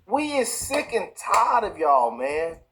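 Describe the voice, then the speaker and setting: A man's voice: high voice, sing-song, takes it slowly, fairly bright tone, a little hiss or hum, poor audio. A man, hosting his own show and ranting in heated, repetitive commentary full of restarts. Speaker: show host. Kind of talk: impassioned commentary.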